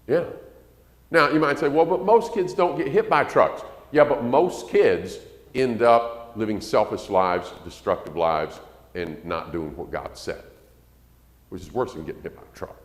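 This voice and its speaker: A man preaching a sermon on parenting in a folksy way, acting out quoted parents in a shrill voice. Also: normal speed. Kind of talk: sermon lesson to a congregation. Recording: echoey church hall.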